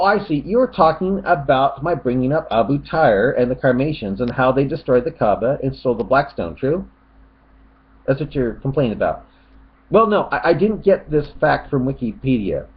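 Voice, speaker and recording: A sarcastic man rambles through online comments in casual commentary and mocks them as he goes. His pitch swings widely. The recording is a little dull and lo-fi.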